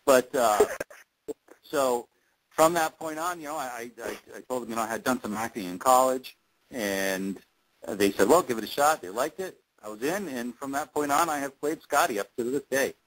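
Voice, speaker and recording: A man's voice: mid-range voice, moderate pace, a bit bright, rough recording. Rambling male interview guest. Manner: rambling, many fillers and restarts. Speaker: interview guest, fan-series actor. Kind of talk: casual interview storytelling.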